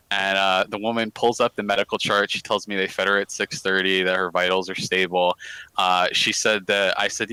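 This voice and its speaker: A man's voice: low voice, level tone, brisk, sharp tone, clean tone, no echo, poor audio. A man on a stream, chatty and boastful, telling a long story in a loose, profane way.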